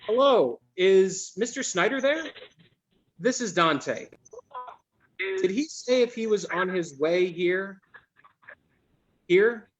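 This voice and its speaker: A man reading the part of a stressed young store clerk in a live script reading, exasperated and quick to apologize. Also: high voice, expressive, dull audio, full character voice. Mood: flustered.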